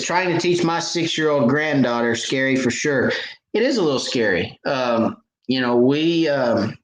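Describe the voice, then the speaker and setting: Hosting a fishing show, this man tells stories and answers viewer questions in a relaxed live chat, often laughing at his own tales and restarting his sentences. His voice is mid-range, and the rough recording has an echoey room sound.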